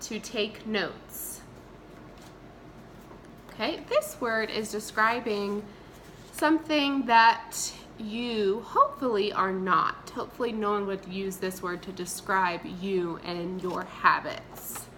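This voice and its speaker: A woman's voice: medium pitch, pushed and bright, a little hiss or hum. A woman teacher, leading a remote vocabulary lesson and having the class repeat words after her. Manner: slow, clear repeat-after-me drilling. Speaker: Spanish teacher.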